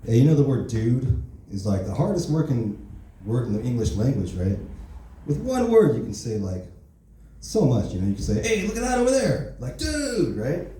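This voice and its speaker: A man's voice: mid-range voice, very animated, moderate pace, warm tone, a little hiss or hum. A man doing an open mic stand-up set, talking casually and profanely and checking in with "right?" and "you know?" after his lines. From Korean heritage. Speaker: stand-up comedian. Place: comedy club open mic. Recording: echoey room, mic heard from a distance.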